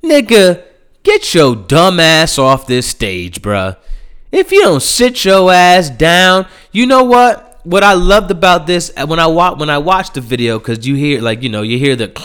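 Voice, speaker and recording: A man hosting a solo podcast, ranting in a heated, profane way and often getting louder. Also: fairly high pitch, very animated, measured pace, clear, resonant tone. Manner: profane, heated, swings into loud mocking impressions. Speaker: podcast host.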